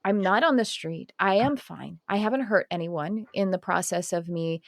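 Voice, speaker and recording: A woman chatting on a podcast, telling a story in a rambling, animated way and correcting herself mid-sentence. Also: medium pitch, normal speed, creaky, no echo, studio quality. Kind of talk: casual podcast chat.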